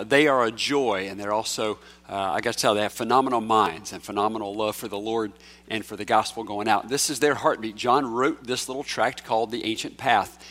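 A man's voice: medium pitch, fairly bright tone. A male pastor preaching a sermon in a church, talking conversationally and coaxing children forward in a playful way. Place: church sanctuary.

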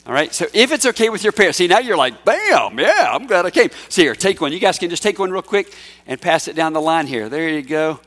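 A man's voice: on the high side, expressive, quick pace, fairly bright tone. A male pastor preaching a sermon in a church, talking conversationally and coaxing children forward in a playful way. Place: church sanctuary.

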